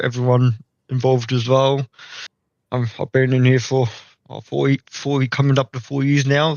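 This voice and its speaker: A man's voice: medium pitch, no echo, lo-fi sound. A young man, a champion driver, modestly thanking his team in a rambling, casual interview. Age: young adult. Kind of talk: casual post-race interview.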